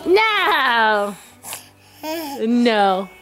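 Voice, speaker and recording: A woman's voice: fairly high pitch, sing-song, very slow, fairly bright tone. A young woman filming her small children at home, coaxing and scolding them while laughing often. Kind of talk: casual home video.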